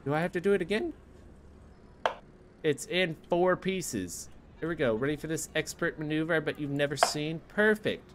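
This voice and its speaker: A young man playing a cooking game and commenting as he goes, frantic and sarcastic, jumping from low mutters to squeaky outbursts. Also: normal speed, background noise. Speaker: gaming youtuber. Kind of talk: casual gameplay commentary.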